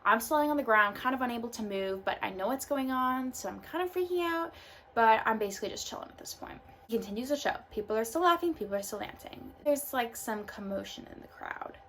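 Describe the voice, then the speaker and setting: A woman's voice: a little high, animated, fairly quick, a bit bright. A young woman telling a personal story in a casual vlog, full of "like" and loose asides. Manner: casual, filler-heavy storytelling. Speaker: vlogger. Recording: faint background noise.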